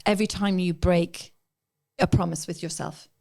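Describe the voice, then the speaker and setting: A woman's voice: on the low side, steady tone, normal speed, gravelly, mellow. A middle-aged woman from England raised in Ireland, a guest on a podcast, talking frankly and reflectively, and acting out her own past thoughts. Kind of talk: candid podcast conversation.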